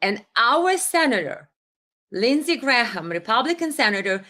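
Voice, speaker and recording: A woman with a fairly high, sharp voice hosts a political livestream, very animated and speaking at a moderate pace. Her commentary is fiery and indignant, marked by hesitations and restarts, and she reads comments from viewers aloud.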